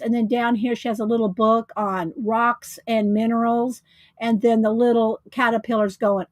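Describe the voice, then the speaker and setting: A woman's voice: on the high side, moderate pace, a bit bright, dry recording. A woman hosting a casual livestream, chatting, greeting viewers and laughing often. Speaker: livestream host.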